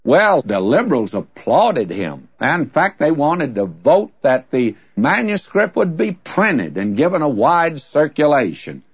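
An older man with a husky voice gives a folksy Bible teaching sermon, his pitch rising and falling with lively swings. The sound is dull and lo-fi, with a dry, close feel and no room echo. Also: a little slow, few pauses. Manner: folksy storytelling with rhetorical questions. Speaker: preacher.

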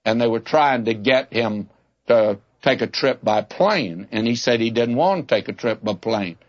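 A plainspoken man gives a folksy Bible sermon and addresses his listeners as friends. His voice sits at an ordinary middle pitch. The recording is dull and lo-fi. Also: animated, normal speed. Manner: folksy, tells homespun anecdotes. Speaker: Bible teacher. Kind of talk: radio Bible teaching sermon.

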